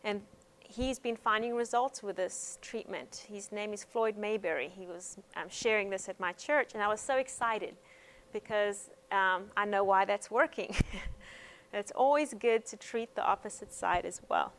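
A woman teaching hands-on pain management in a gentle, conversational way, telling stories from her practice. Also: mid-range voice, measured pace. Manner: gentle, conversational, frequent um fillers. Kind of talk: instructional talk with personal stories.

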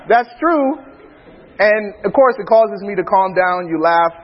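High husky dad telling church stories, lively, echoey hall, kinda muffled. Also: male voice, moderate pace, a little hiss or hum. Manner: animated storyteller who acts out his family's lines and laughs often. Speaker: father speaking alongside his wife. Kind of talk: church talk on parenting with anecdotes.

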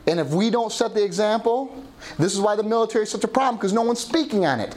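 A man's voice: high-pitched, expressive, quick pace, darkish tone, a little hiss or hum. A middle-aged man preaching a sermon as pastor, often calling out "Amen?" to the congregation. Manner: call-and-response preaching, asking "Amen?".

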